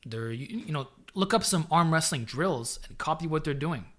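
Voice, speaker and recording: A man hosting a casual live-stream Q&A as a fitness coach, giving training advice in an energetic, chatty way and calling viewers "man", speaking into a desk microphone he sometimes leans away from. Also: on the high side, normal speed.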